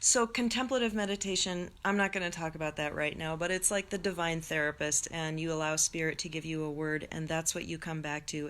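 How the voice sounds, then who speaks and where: A middle-aged woman teaching a live-streamed meditation class, chatty and animated, then guiding slowly and gently. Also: sits low. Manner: chatty and animated, laughing, then slow soothing guidance. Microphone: phone or computer mic.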